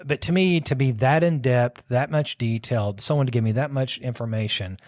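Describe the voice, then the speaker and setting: A man's voice: medium pitch, fairly quick, dry recording, studio quality. A man casually telling a long ghost story, rambling and circling back with "so anyways.". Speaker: podcast host telling a story.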